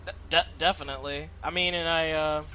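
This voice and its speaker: A man's voice: a little high, fairly even intonation, brisk, pushed and bright, a little hiss or hum. A young man hosting a let's play, chatting casually and laughing often as he plays. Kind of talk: casual gameplay commentary.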